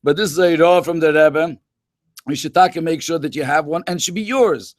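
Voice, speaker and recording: Rabbi guy telling the kids stories, chatty, lots of yiddish and hebrew words, kinda high voice, dry sound. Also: moderate pace, no echo. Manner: conversational, peppered with Hebrew and Yiddish terms. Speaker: rabbi and educator. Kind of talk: storytelling talk to schoolchildren in a webinar.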